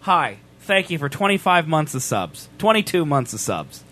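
A man's voice: on the high side, very animated, normal speed, fairly bright tone. A man co-hosting a livestream in casual banter, playful and laughing often as he talks to chat. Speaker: stream co-host.

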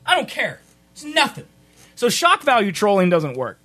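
Animated young man, wide-swinging voice. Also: moderate pace, no room sound. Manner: animated, joking, swings pitch widely. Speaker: podcast co-host. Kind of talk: casual chat and reading news.

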